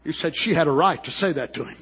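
A man preaching a sermon who moves from slow, hushed storytelling to fervent shouting, repeating words and calling out hallelujah. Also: fairly high pitch, animated, husky.

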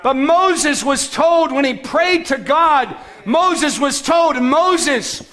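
A man preaching a sermon as pastor, emphatic, with shouted calls to action and sudden soft, low passages. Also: expressive, takes it slowly.

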